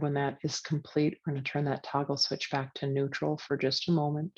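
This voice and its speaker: Calm woman guiding a meditation. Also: deep voice, fairly quick. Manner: relaxed, chatty with fillers. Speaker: yoga and meditation teacher. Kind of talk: guided meditation. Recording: dull lo-fi sound, dry.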